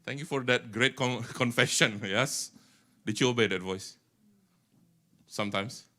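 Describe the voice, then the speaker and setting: A middle-aged man, an animated pastor preaching to a church and teasing the congregation. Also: medium pitch, unhurried. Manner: animated, teasing the congregation, mixing English with Indonesian. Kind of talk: sermon.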